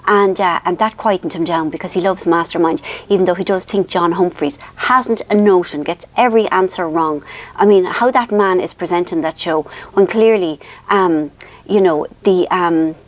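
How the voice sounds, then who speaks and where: A woman's voice: lowish voice, normal speed. A woman in her fifties with an Irish accent, telling a rambling, self-mocking family story for her vlog, full of ums. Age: 50s. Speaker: author and vlogger.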